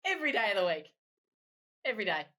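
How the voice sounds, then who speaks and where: A woman's voice: medium pitch, big pitch swings, fast talker, bright, forceful tone. A woman with an Australian accent, a wedding photographer chatting as a podcast guest, joking and laughing often. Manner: laughs often, playful and jokey. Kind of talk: casual chat.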